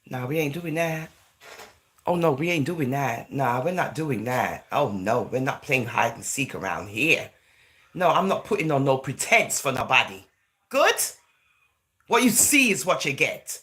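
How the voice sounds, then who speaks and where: Gravelly, lively woman vlogger from England. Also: fairly low pitch, normal speed. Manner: chatty, full of "you know" and "right?", slips into Jamaican-style phrasing. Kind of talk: casual talking-to-camera monologue.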